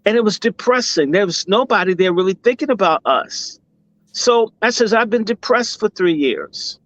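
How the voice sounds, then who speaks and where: A middle-aged man from Washington, D.C., a guest telling a story in an impassioned, profane way, with sudden loud outbursts. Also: sits high, expressive, moderate pace. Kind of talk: storytelling in a discussion. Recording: dull, slightly lo-fi dry sound.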